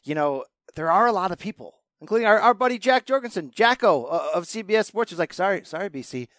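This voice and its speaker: A man hosts a podcast with an energetic, emphatic delivery. His voice sits a little high for a man. The recording is dry and close to the mic. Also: fast, no echo. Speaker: podcast host. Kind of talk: casual podcast chat.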